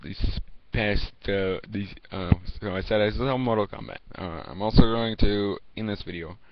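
A teenage boy talking casually to the camera as a video reviewer, rambling and halting, with lots of fillers and restarts. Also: fairly low pitch, background noise. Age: teens. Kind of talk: casual vlog talk to camera. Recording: dull lo-fi home recording.

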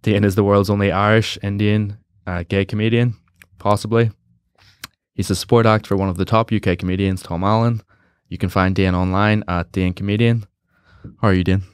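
A man's voice: on the low side, flat delivery, moderate pace, clear, resonant tone, dry recording, studio quality. Jokey, self-mocking male podcast host. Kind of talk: casual interview chat.

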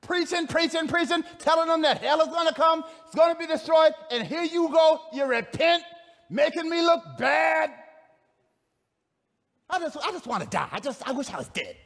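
A preacher putting on a whiny, sulking prophet Jonah. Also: male voice, very high-pitched, expressive, normal speed, creaky, fairly bright tone, pitched above the performer's own voice, full character voice. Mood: self-pitying. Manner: whiny, self-pitying, petulant outbursts. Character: whining, sulking grown man prophet Jonah. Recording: long reverb of a large hall.

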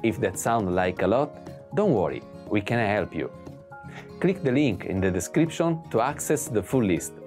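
An upbeat announcer voice reads a scripted promotional outro. Soft music plays quietly underneath as the pitch stays mid-range. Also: lively intonation, normal speed. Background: faint music.

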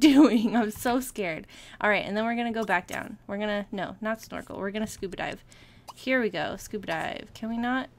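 Hosting a let's play, a woman casually comments on her gameplay in a fairly high voice. She's excitable and chatty, often laughing, gasping, and talking to her game characters.

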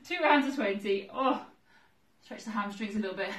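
A woman's voice: medium pitch, normal speed, a bit bright, a little hiss or hum. A woman vlogging her workout, out of breath, laughing nervously as she counts her reps. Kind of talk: casual workout vlog. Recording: roomy echo, voice a little far from the mic.

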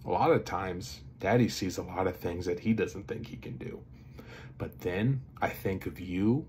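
A father reading a picture book aloud to his child, gentle and expressive. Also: on the low side, slight background noise. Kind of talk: reading a bedtime story aloud.

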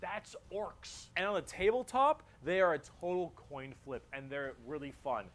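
Man, higher-pitched voice, casual lore explainer, jokey and profane. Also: sing-song, normal speed, fairly bright tone. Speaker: lore video narrator.

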